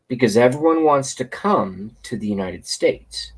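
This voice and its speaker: A political commentator with hiccups rants outdoors as a train goes by, swearing, rambling, and repeating points for emphasis. His medium-pitched voice is darkish and husky, with lively intonation, a normal pace, and few pauses.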